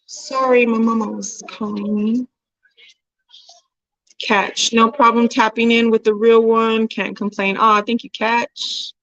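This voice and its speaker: A woman's voice: a little high, flat delivery, takes it slowly, fairly bright tone, dry recording. Woman in her forties, livestream host, candid and casual, laughs a lot, dry close sound with a dull edge. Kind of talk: casual livestream chat reading comments.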